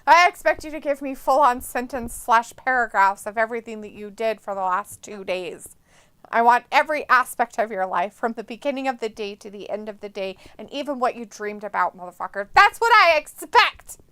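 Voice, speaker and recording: A woman's voice: on the high side, fairly quick, sharp tone, smooth, no room sound. A woman co-hosting a live watch-along stream, chatting casually with playful sarcasm and reading viewer messages aloud. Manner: playful, sarcastic, mock voices for chat messages, frequent laughs.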